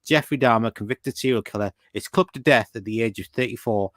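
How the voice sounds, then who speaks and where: A man's voice: mid-range voice, brisk, no room sound, clean studio sound. Chatty British man hosting a quiz. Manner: chatty, teasing, reads listener comments aloud. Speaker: podcast host. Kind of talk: casual chat, quiz questions.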